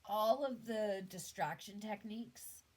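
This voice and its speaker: A woman's voice: medium pitch, unhurried, a little mellow, rough recording. A Canadian woman giving a casual tarot reading, musing aloud, trailing off and restarting her thoughts. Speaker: tarot reader.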